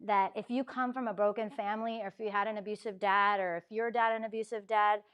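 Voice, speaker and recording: A woman's voice: mid-range voice, steady tone, quick pace, a bit bright, clear, resonant tone. A young adult woman giving a chatty faith talk to students, acting out quotes and often asking "right?". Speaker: campus ministry speaker.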